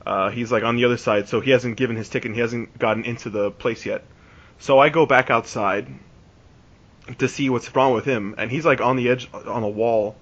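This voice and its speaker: The host, a man in his twenties, has a mid-range, fairly bright voice with fairly even intonation and a fairly quick pace. He tells a long podcast story casually, rambling, restarting and peppering it with "like," in a dull lo-fi recording.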